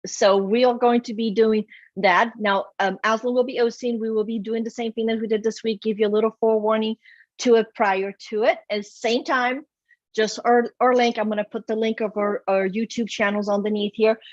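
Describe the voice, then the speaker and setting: Woman home-cook host, slightly high voice, dry and muffled video-call sound. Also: fairly even intonation, fairly quick, no room sound. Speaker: cooking show host. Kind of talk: casual cooking demo chat. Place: home kitchen.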